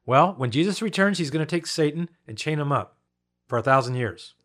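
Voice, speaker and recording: A man's voice: a little high, lively intonation, fairly quick, fairly bright tone. A man teaching on Bible prophecy, reading scripture and asking his listeners rhetorical questions in an emphatic style. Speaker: preacher.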